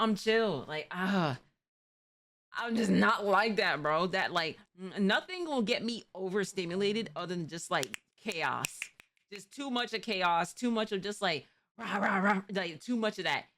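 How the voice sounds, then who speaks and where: A woman's voice: mid-range voice, lively intonation, moderate pace, a bit bright. A woman from New York, hosting a stream and chatting casually about driving in a rambling, slangy way. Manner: rambling, slangy, many restarts. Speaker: streamer host.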